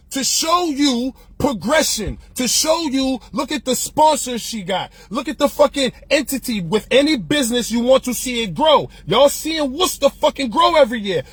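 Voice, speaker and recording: A podcast host with a high, husky voice delivers a passionate, profanity-laced rant on his opinion show. He talks loosely and heatedly with lots of slang, like someone holding court among friends. The recording is dry.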